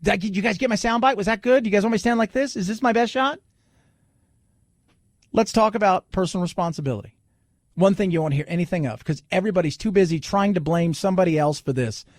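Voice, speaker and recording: A man's voice: sits high, fast, dry recording, studio quality. A middle-aged man hosting a talk radio show, blunt and jokey, slipping into mocking voices. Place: radio studio.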